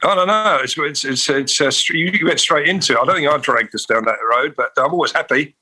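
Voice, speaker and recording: A man's voice: on the high side, sharp tone. Chatty man co-hosting a podcast. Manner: chatty, laughs often, quick restarts. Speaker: podcast co-host. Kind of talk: casual chat.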